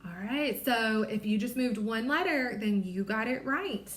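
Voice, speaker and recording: A woman teacher running a small-group phonics lesson, her voice sitting a little high. She stretches out letter sounds slowly and carefully, cheering the children on as she goes. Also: a bit bright, echoey room. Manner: apologetic, encouraging. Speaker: reading teacher.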